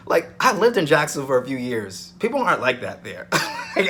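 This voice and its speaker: A man's voice: on the high side, animated, a little fast, bright, forceful tone. A man giving a casual weekly soap opera review, rambling with frequent "um"s and repeating points for emphasis.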